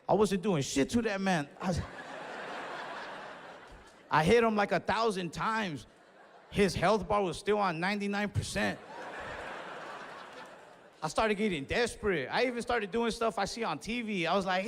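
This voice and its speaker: A man's voice: high-pitched, normal speed, gravelly, a little hiss or hum. A young man telling a profane story on stage as a stand-up comedian, slipping into acted-out voices. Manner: animated, acts out other voices, profane and loose. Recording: long hall reverb on stage.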